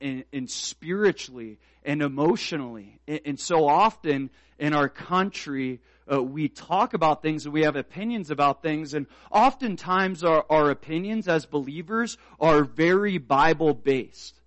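A man's voice: a little high, lively intonation, a little slow, hardly any pauses, dry recording. A man preaching a sermon as pastor, speaking earnestly and building to emphatic, repeated exhortations.

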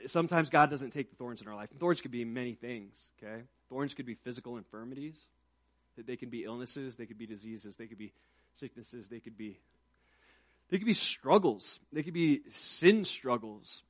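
A man preaching a sermon in a conversational way, swinging from soft, low passages to loud, emphatic ones. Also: dry recording. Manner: conversational, with restarts and asides.

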